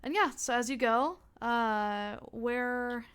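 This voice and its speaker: A woman's voice: a little high, slow pace, a bit bright, clean tone. A young woman narrating a tabletop game as game master, chatty with many fillers and restarts.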